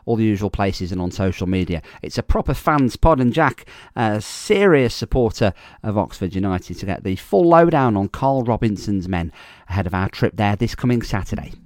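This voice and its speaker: A man's voice: on the low side, expressive, moderate pace, a little mellow, no room sound. A man with an English accent hosting a football podcast, chatting and introducing a guest. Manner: chatty, friendly, plugging and introducing. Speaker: podcast host and commentator. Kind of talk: radio sports podcast presenting.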